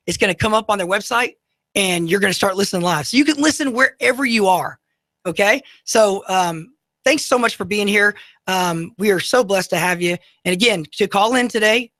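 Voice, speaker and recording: A call-in radio host talks to listeners from a studio in an easygoing, coaching tone, full of ums and restarts. The voice sits at a middling pitch. The sound is dry and close, with no room echo. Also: fairly bright tone. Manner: casual, filler-heavy, motivational coaching talk. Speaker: radio talk show host.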